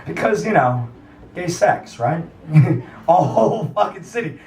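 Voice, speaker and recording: A man's voice: sits high, sing-song, a little slow, a little mellow, distant mic. A man hosting a live music night, ranting profanely with rambling filler-heavy talk, then introducing the next act, in a small cafe venue. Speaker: festival host and MC. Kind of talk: stand-up rant and act introduction. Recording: roomy live room, mic from afar.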